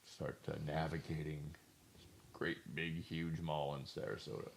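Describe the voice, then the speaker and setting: A man's voice: very deep voice, level tone, unhurried, creaky, a little hiss or hum. A talkative man telling funny stories in casual chat, joking and laughing as he goes. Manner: talkative, jokey, laughs at his own stories. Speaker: co-host.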